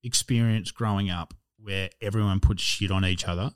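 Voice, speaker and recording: A man's voice: lowish voice, steady tone, normal speed, clear, resonant tone. Young Aussie male podcast host, casual, blunt, profane, opinionated. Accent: Australian.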